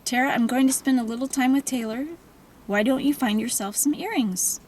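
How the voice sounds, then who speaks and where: A woman voicing a smooth, confident middle-aged man who lectures with easy charm, in an audiobook reading. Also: on the high side, fairly quick, darkish tone, a little hiss or hum, voice pushed up, close to an everyday voice.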